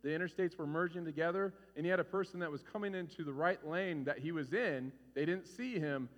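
A man in his forties preaching a sermon as a pastor, animated and conversational, acting out stories with shouts. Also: fairly high pitch, fairly quick. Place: church hall. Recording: reverberant hall.

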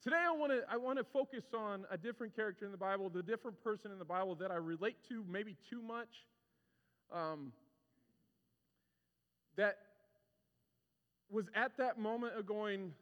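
A man preaching a conversational sermon, animated and casual, acting out the people he talks about. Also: sits high, moderate pace, long pauses, muffled recording. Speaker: pastor. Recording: long reverb of a large hall.

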